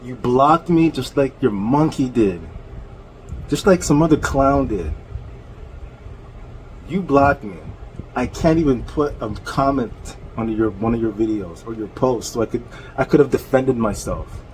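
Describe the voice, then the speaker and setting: A man delivers a confrontational rant with a mocking edge, chuckling between his points and weighing each word slowly. His pitch sits in an ordinary middle range. A faint background hiss runs under the recording. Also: a little mellow, rough recording. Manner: mocking, laughs often, slow deliberate delivery. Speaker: channel host.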